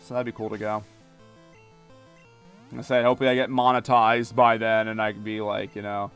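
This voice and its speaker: A man's voice: lowish voice, little pitch movement, a little fast, pauses often, a bit bright, smooth, soft background music. Chatty Philadelphia guy streaming a game. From Philadelphia area, United States. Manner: chatty, rambling, many fillers and restarts. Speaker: gaming streamer. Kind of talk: casual live-stream chat while playing.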